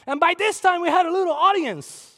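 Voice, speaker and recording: High-voiced preacher in a hall. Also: male voice, fairly quick. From Puerto Rico. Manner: storytelling that swings from soft asides to shouted climaxes. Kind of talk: sermon. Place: church sanctuary. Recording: long hall reverb.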